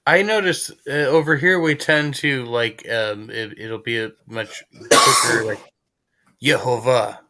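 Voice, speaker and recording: A man with a bright, forceful tone joins casual podcast banter and chimes in with quick asides. His pitch sits in the middle range for a man. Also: fairly even intonation. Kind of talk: casual chat.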